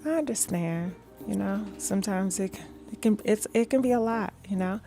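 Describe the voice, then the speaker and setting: A woman hosting a gossip live stream in a calm, soft-spoken way, chatting casually and reading viewer comments with many "all right"s and "mm-hmm"s. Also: mid-range voice, normal speed, faint music behind. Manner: calm, soft-spoken talk instead of her usual yelling. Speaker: gossip show host.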